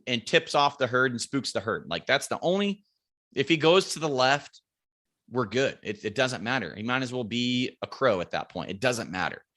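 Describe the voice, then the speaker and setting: Bright-voiced man telling a hunting story. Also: mid-range voice. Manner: animated storyteller acting out quotes, swears freely. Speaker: podcast guest.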